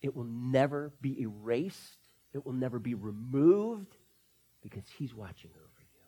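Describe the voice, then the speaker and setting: A man preaching a sermon to a church, dropping to soft near-whispers and then rising into loud, excited bursts. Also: mid-range voice, a little slow, slightly rough. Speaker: pastor. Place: church sanctuary.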